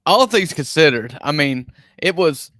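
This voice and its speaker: A man's voice: a little high, animated, a little slow, a bit bright, no room sound, clean studio sound. A man co-hosting a casual sports podcast, laid-back, laughing often and trailing off mid-thought. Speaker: podcast co-host.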